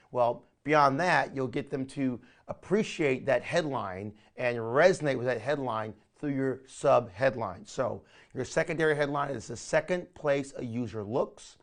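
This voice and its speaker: Medium in pitch and upbeat in a coaching style, the man leading this recorded training is an online marketing instructor who keeps referring to listeners as "my friend."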